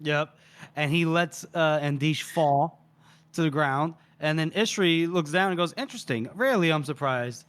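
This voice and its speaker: Brief: high-pitched male podcast co-host, casual, performs character quotes while summarizing. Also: fairly even intonation, unhurried, fairly bright tone, smooth, dry recording. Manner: acts out characters' lines with shifting voices and laughs. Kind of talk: casual chat retelling a book scene.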